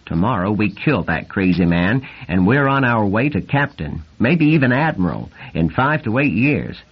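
A man voicing an excitable young male navy lieutenant, brash and nasal, talking fast and swearing freely in an audiobook reading. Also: fairly low pitch, husky. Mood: eager. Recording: dull lo-fi recording.

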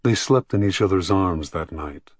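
Man, audiobook narrator, low voice, husky, measured, expressive. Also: dry recording, clean studio sound. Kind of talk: scripted narration.

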